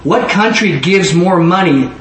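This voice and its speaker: A man's voice: sits high, a little slow, a crowd in the background. A man giving a rambling sermon testimony, often repeating words as he restarts his sentences. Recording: echoey room with faint noise.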